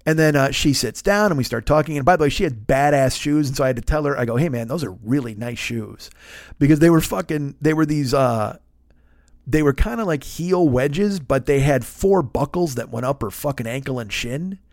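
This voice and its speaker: A man in his fifties hosting his own podcast, spinning a rambling, self-mocking story full of swearing. His voice sits fairly high for a man. The sound is close and dry, with no room around it. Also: expressive, fairly quick, no echo. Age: 50s. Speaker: podcast host. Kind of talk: storytelling monologue.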